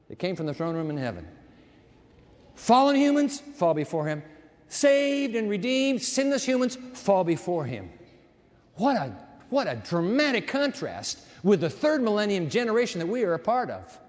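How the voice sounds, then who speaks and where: Man preaching a sermon, high voice, punchy asides between bible readings. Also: moderate pace. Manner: emphatic, animated, mixes Bible reading with pointed asides. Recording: long reverb of a large hall.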